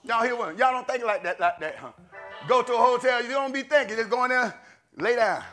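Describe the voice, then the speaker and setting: A middle-aged man preaching a sermon, swinging between shouted declarations and low murmured asides. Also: brisk, faint music behind.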